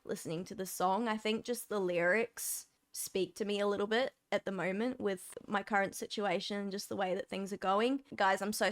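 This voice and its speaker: Chatty woman reacting to music. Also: mid-range voice. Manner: chatty, openly emotional, addresses viewers as guys. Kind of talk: casual reaction commentary.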